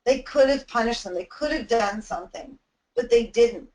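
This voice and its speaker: A woman's voice: fairly high pitch, normal speed, a little mellow, poor audio. A woman giving an anti-bullying webinar talk, telling a personal story in an earnest, heartfelt way.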